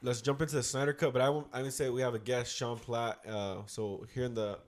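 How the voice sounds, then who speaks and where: A man co-hosting a podcast in relaxed, slangy, rambling chat. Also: mid-range voice, a little fast, a little hiss or hum. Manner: laid-back, slangy and rambling. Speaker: podcast co-host. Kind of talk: casual chat.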